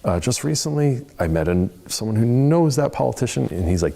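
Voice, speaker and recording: A man's voice: medium pitch, lively intonation, fairly quick, vocal fry, few pauses, mellow. A man leading a church Bible study in an earnest, conversational way, full of rambling asides. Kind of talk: casual teaching.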